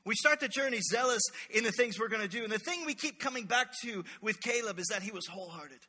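A male pastor preaches with a very high voice and a tense, cutting brightness, full of playful energy and call-outs to the congregation. The sermon rings through a church sanctuary with a long, trailing reverb. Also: fast.

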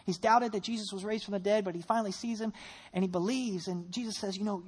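A pastor preaching a sermon in a church, telling a story with lively rhetorical questions and dropping into soft, low tones for prayer. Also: quick pace, husky.

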